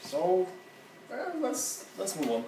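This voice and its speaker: Man, native Russian speaker, higher voice, roomy classroom, off-mic. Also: sing-song, dark tone, a little hiss or hum. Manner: casual, halting, laughs often. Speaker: seminar teacher. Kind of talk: classroom seminar talk. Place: university classroom. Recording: echoey room from a distance.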